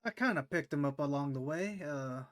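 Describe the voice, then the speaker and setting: A man's voice: fairly high pitch, a little fast, fairly bright tone. A man playing a tabletop game, chatting casually and a bit hesitantly. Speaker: player.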